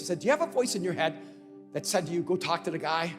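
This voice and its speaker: A middle-aged male pastor preaching a conference sermon, moving from storytelling to shouted, emphatic peaks. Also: high-pitched, expressive, a little fast, long pauses, in a large hall, soft background music. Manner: builds from conversational storytelling to shouted crescendos.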